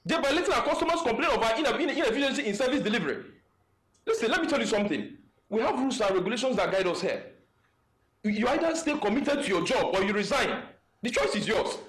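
A man's voice: mid-range voice, lively intonation, normal speed, creaky. An actor playing a male bank manager who scolds a new staff member and then turns coaxing and overfamiliar. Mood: stern. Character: stern male bank manager, boss turning creepy. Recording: echoey room with background noise.

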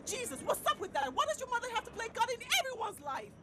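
A woman's voice: very high-pitched, very animated, fast, over music. An actress playing a woman who is heated and sarcastic in a fight with her partner. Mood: furious.

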